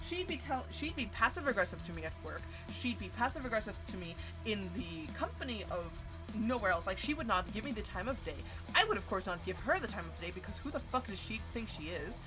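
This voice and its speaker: A woman in her twenties streaming, telling a story in a casual, animated and profane way. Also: mid-range voice, a little fast. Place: home streaming setup. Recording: stream audio with music underneath. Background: background music.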